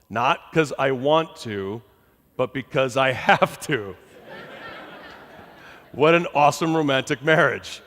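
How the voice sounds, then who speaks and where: A middle-aged man giving a motivational talk, telling a personal story to a live audience in a conversational, animated way and often asking the crowd questions. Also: medium pitch. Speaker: motivational speaker. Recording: long hall reverb.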